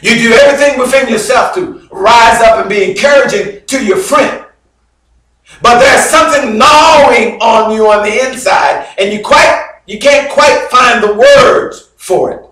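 A man preaching a sermon as a bishop, telling a story dramatically with loud bursts and sudden low drops. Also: measured pace. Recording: very echoey hall, mic far off.

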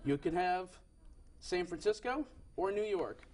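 A man's voice: high voice, expressive, a little slow, darkish tone. A young man hosting a game show in a TV studio, with upbeat patter and frequent self-corrections.

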